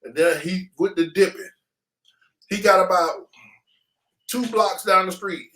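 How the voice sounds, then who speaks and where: This interview guest, a man with a high-pitched voice, tells his tale at a measured pace and in a casual manner. He uses slang, stays animated, and performs the sound effects himself.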